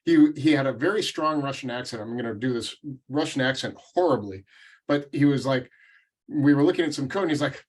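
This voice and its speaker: Guy at a meetup, chatty and self-deprecating, mid pitch. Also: a little fast. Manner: conversational, self-deprecating storyteller. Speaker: meetup speaker. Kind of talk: casual group discussion.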